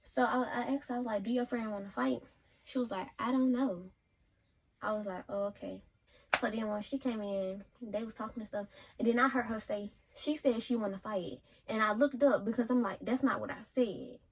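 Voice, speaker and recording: A young woman telling a storytime in a casual, animated way and acting out what people said. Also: on the high side, moderate pace, a little hiss or hum. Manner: animated retelling, acts out quotes, yells some lines. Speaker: vlogger.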